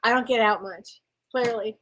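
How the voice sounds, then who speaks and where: A woman co-hosting a casual chat show, telling stories in an animated, laughing way. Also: fairly high pitch, a little fast, low-quality recording. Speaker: co-host, psychic. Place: rural home.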